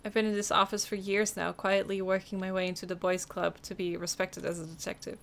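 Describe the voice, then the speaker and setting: A woman's voice: mid-range voice, level tone, fairly quick, slight background noise, natural voice. A woman reading a bitter young female detective. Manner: wry, resentful inner monologue. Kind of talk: reading game dialogue aloud.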